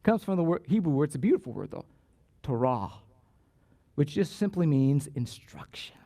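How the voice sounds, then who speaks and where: A pastor preaching a sermon in church, animated and emphatic, often repeating words and drawing out key phrases. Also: male voice, a little high, normal speed, vocal fry, no echo. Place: church sanctuary.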